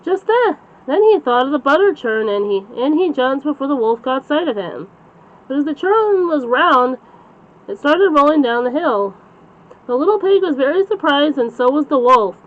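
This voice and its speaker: High-voiced woman reading a bedtime story. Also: very animated, moderate pace. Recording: slightly dull lo-fi recording.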